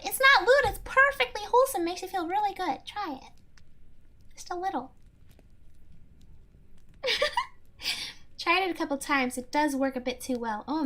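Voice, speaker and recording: A woman streamer chatting casually with her viewers, playful and quick to giggle. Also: high-pitched, pushed and bright. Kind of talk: casual live-stream chat.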